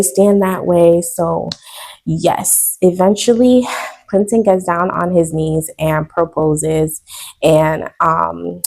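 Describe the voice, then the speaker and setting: Woman in her 20s, slightly low voice, emotional storytime vlogger chatting to camera. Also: darkish tone. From United States. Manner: chatty, addresses viewers directly, emotional. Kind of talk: casual storytime vlog.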